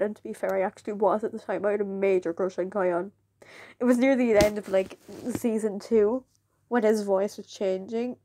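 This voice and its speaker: A woman's voice: medium pitch, normal speed, no room sound, studio quality. A young woman chatting casually in a vlog, rambling with many "like"s. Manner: rambling, filled with "like", jumps into excited quoted voices. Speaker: vlogger. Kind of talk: casual chat to camera.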